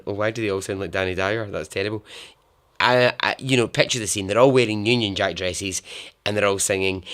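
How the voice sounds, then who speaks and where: A man's voice: low-pitched, steady tone, brisk, fairly bright tone. A man hosting a storytelling podcast, narrating dramatically and chattily, giggling at his own asides. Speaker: podcast host.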